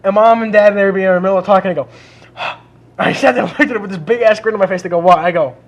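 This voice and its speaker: On a lo-fi recording, a high-voiced man talks at breakneck speed. He co-hosts a podcast and relays a story through crude, casual chatter, performing quoted lines for each person.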